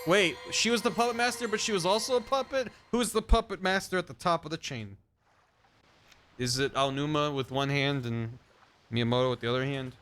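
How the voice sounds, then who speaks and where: A man's voice: a little high, brisk, fairly bright tone. Rambling, jokey male game streamer. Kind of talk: casual gameplay commentary.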